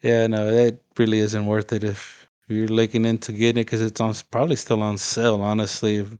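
A man's voice: lowish voice, monotone, a little fast, a little mellow, clean tone. A man in casual podcast chat, bluntly complaining about a video game. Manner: blunt, complaining gamer talk.

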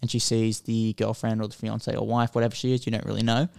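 Man, podcast co-host, casual rambling film chat, smooth clear voice, dry close sound. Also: lowish voice, quick pace, no echo. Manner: rambling, animated storytelling with filler words.

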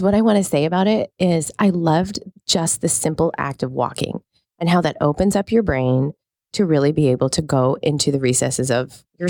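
A woman's voice: on the low side, creaky, darkish tone, no echo, studio quality. A woman in her thirties co-hosting a podcast in casual, enthusiastic chat, laughing often. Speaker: podcast co-host.

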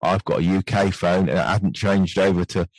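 British male podcast host, gentle and unhurried, dry close sound. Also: sits low, steady tone, no echo, poor audio. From United Kingdom. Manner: gentle, soft-spoken podcasting voice. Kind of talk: casual podcast chat.

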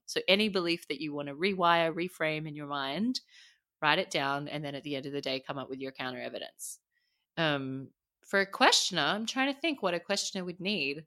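A woman's voice: sits low, normal speed, fairly bright tone. A woman with an Australian accent, a coach, explaining ideas in casual podcast chat and laughing often as she talks.

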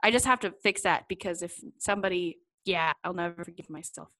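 Brisk and forceful, this young woman's voice is on the low side yet bright. Appearing as a guest in a relaxed interview, she talks openly, laughs frequently, and wanders a bit as she thinks out loud.

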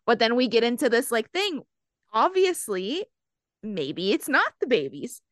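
A woman with a mid-range voice reacts bluntly in a casual book chat, dropping swear words into quick remarks. The recording is dry and close. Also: a little high, sing-song, a bit bright, dry recording. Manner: short agreeing replies, blunt and swearing. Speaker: podcast co-host.

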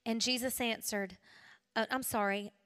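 A middle-aged woman from South Carolina, giving an emotional testimony sermon to women, dropping to a hush and then rising again. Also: fairly high pitch, fairly even intonation, normal speed. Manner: emotional, swings from hushed to raised and cracking. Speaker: women's ministry speaker.

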